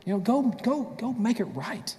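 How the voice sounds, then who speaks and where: Male pastor mid-sermon, animated storyteller, echoing sanctuary. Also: very high voice, normal speed. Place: church sanctuary.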